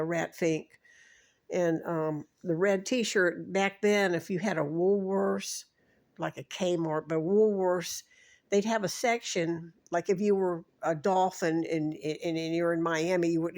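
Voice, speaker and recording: A woman in her sixties recounts an old memory in a long, digressive stretch of talk. Her voice sits low with a gravelly edge, and she piles up names and small details, often backing up to restart a thought. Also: fairly even intonation, unhurried, darkish tone. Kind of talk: rambling personal recollection.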